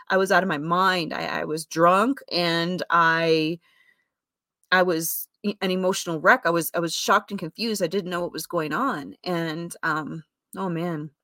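Candid, low-voiced woman telling her story. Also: no echo, studio quality. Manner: rambling, self-correcting, with fillers and soft laughs. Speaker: storyteller sharing a personal story.

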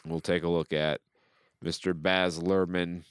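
A man's voice: sits low, little pitch movement, unhurried, clear, resonant tone, no echo, clean studio sound. A man hosting a podcast in casual chat, joking and reading reviews aloud with dramatic flair. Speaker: podcast host.

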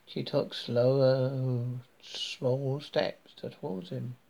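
A man hosting a horror podcast, reading a story in a slow, deliberate way. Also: medium pitch, flat delivery, gravelly, mellow, muffled recording.

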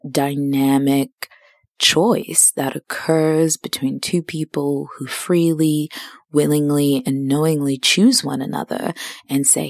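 Young woman podcast host, deep and dry, slow and chatty, a bit dramatic. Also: vocal fry, a little mellow, no room sound. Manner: chatty, self-dramatizing storyteller. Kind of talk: casual personal monologue.

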